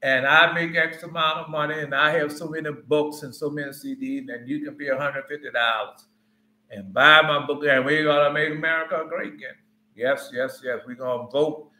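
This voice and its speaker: A man's voice: fairly high pitch, fairly even intonation, moderate pace, pushed and bright. A man voicing a boastful, money-proud male preacher with a mocking tone. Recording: roomy echo.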